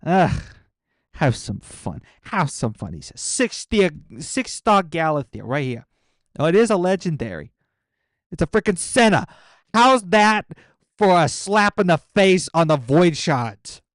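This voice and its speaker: A man streaming a game live, teasing viewers about their accounts in an excitable, incredulous way, rambling and restarting when stressed. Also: high-pitched, unhurried, no echo, studio quality. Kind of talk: live gaming stream commentary.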